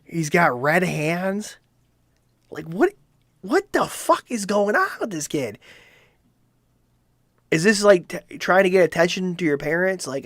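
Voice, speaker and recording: A man's voice: high-pitched, sing-song, a little slow, long pauses, fairly bright tone, no echo, clean studio sound. A man hosting a comedic commentary show, ranting in disbelief and swearing freely. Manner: incredulous, swearing rant. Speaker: show host.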